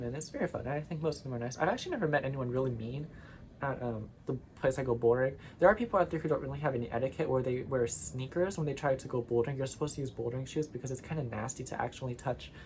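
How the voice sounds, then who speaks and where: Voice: medium pitch, rapid-fire, a little mellow, slight background noise. A vlogger chatting casually and at length, wandering off on tangents and getting playfully indignant. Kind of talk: casual rambling monologue.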